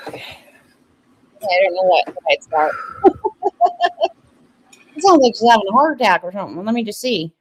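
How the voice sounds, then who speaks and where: A woman's voice: medium pitch, big pitch swings, fast talker, long pauses, slight background noise, rough recording. A woman streaming and chatting casually as she reacts to clips, musing aloud with small laughs. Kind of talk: casual commentary.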